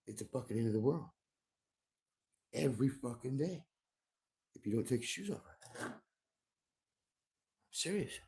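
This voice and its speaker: On a home livestream, a middle-aged man speaks in a medium-pitched, animated, mellow voice at a moderate pace, pausing often. He rambles profanely and keeps repeating himself.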